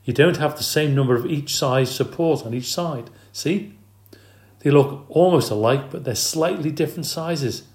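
A keen, helpful young schoolboy from a storybook, talking in a raised, bright voice, put on by a man reading aloud. He explains things eagerly. The reading sounds a little roomy. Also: on the high side, normal speed, voice pushed up, lightly acted.

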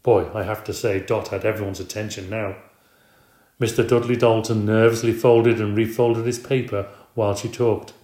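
A man narrating a children's story in an expressive, conversational audiobook reading. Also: on the low side, moderate pace. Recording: roomy echo.

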